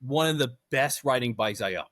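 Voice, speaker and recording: A man talking fast and loose on a garage podcast, dropping curse words as he tells stories. His voice sits at a middle pitch, and the sound is close and dry. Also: expressive, a bit bright, no echo. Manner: fast, profane storyteller, mimics others in quoted dialogue. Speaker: podcast co-host. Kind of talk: casual chat.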